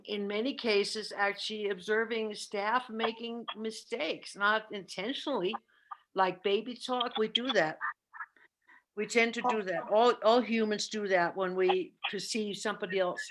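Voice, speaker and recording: A woman's voice: mid-range voice, a bit bright, a little hiss or hum. Earnest woman trainer, repeating herself. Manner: earnest, self-correcting, repeats words. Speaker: caregiving trainer. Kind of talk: presentation with discussion.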